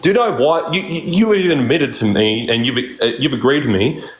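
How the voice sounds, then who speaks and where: A man's voice: mid-range voice, fairly quick, reverberant, poor audio. A man ranting on a live stream, combative and swearing constantly. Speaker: livestream streamer. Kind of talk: heated live-stream argument.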